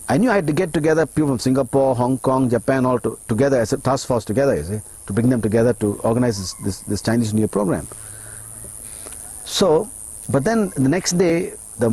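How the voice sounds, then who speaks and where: A middle-aged man from Malaysia, an interview guest recounting a personal story in an emotional, halting way, acting out his own thoughts. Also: medium pitch, warm tone, husky.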